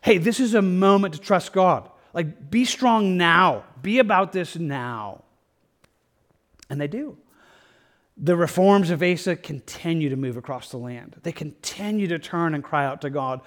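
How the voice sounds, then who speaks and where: A man's voice: on the high side, lively intonation, unhurried. A man pastor preaching a verse-by-verse sermon in an earnest, conversational way. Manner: conversational, earnest, with restarts and "like" asides.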